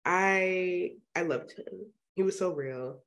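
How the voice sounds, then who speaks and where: A woman with a somewhat low voice talks through a film on a podcast. She gushes and acts out quotes with eager energy. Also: slow, fairly bright tone. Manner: enthusiastic, quotes people in an upbeat voice. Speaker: podcast co-host. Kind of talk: casual chat.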